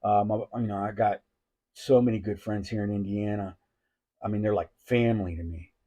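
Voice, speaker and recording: Brief: middle-aged guy, slightly low voice, casual swearing monologue, lots of fillers. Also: steady tone, a little fast, dark tone. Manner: rambling, profane, lots of fillers and restarts. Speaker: knife reviewer.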